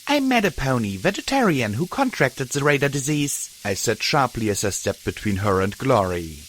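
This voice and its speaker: A man's voice: fairly low pitch, normal speed, fairly bright tone, a little hiss or hum, natural voice. A man voicing a screaming, furious young mare. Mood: sharp, defiant. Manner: screaming in rage. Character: furious young mare pony, fierce fighter.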